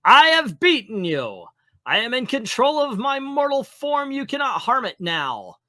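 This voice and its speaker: A man reading aloud as a gloating male sorcerer villain in a loud, theatrical voice. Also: very high voice, sing-song, unhurried, no room sound, studio quality, pitched above the performer's own voice, full character voice.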